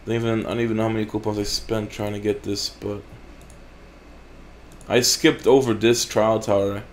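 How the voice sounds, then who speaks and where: A man's voice: lowish voice, flat delivery, moderate pace, a little hiss or hum. A man hosting a gaming channel, giving casual gameplay commentary in a blunt, heavily profane way. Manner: profane, blunt, frequent swearing.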